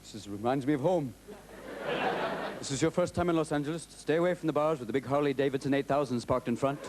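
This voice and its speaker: A man's voice: medium pitch, quick pace, heavy background noise. A young man, a comedian guest, rattling off improvised talk-show banter and jumping between character voices. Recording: live studio audience, loud laughter.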